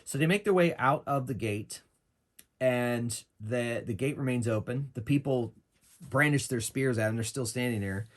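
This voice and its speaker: A man's voice: medium pitch, moderate pace. Chatty man narrating a solo tabletop game. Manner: chatty, thinks aloud about rules and dice rolls.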